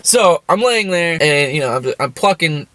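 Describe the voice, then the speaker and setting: A young man telling a rambling comic story in casual speech, swearing heavily and getting animated. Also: a little high, moderate pace, no room sound. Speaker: storyteller host.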